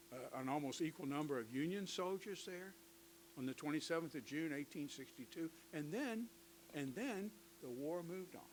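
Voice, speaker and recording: Older man giving a lively history lecture. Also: fairly high pitch, a little hiss or hum, rough recording. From United States. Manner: conversational, lively, with asides and humor. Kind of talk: lecture to teachers.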